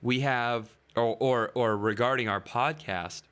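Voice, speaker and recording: A man co-hosting a podcast in casual chat, deadpan and hesitant, making dry jokes. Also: mid-range voice, unhurried, clear, resonant tone. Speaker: podcast co-host.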